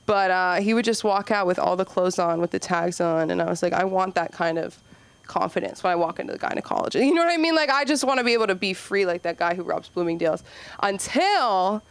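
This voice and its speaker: A woman's voice: medium pitch, a little fast, smooth. A young woman performing a rambling, self-deprecating stand-up set on a comedy club stage, peppering her talk with "like" and "you know.".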